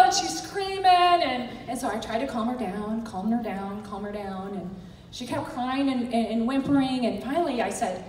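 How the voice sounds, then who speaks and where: Middle-aged woman, high voice, earnest motivational speaker, recorded from far off in a hall. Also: moderate pace, a little mellow. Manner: earnest, encouraging storyteller. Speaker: direct sales team director. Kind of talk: motivational talk to an audience.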